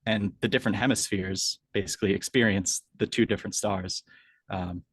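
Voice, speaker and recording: Hesitant low-voiced male author, dry sound. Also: fairly even intonation, moderate pace, a bit bright, breathy edge, no room sound. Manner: hesitant, thoughtful, many fillers. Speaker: author guest. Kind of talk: casual interview chat.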